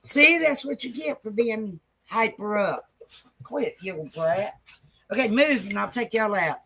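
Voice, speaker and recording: A woman chats on a home livestream in a slow, unhurried drawl. Her talk is folksy and affectionate, full of fond words for her viewers and her dogs, and dogs can be heard around her. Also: medium pitch, expressive, sharp tone, slightly rough. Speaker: livestream host. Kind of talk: casual livestream chat.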